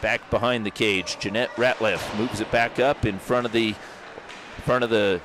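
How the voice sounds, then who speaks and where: A man doing live play-by-play of an amateur hockey game, brisk and jokey, rising to shouts on big plays. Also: on the low side, steady tone. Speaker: play-by-play commentator. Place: hockey arena broadcast booth. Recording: rink commentary with loud crowd and arena noise.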